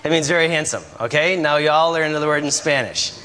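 A man's voice: a little high, quick pace, pushed and bright. A man in his thirties, a visiting missionary preacher, giving a casual, joking, self-deprecating sermon in a church. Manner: self-deprecating, chatty, with laughs. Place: church sanctuary. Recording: church hall reverb, faint room noise.

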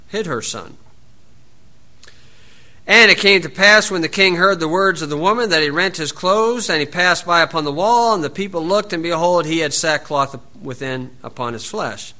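Man, sermon, high voice, bright tone, sarcastic folksy asides. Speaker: preacher. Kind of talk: sermon, Bible reading with commentary.

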